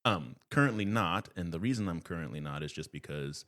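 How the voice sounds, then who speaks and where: Talking a little fast in a low-pitched voice, this performer guests on a podcast, chatting casually. He brings his stories to life animatedly, voicing each of the characters he quotes.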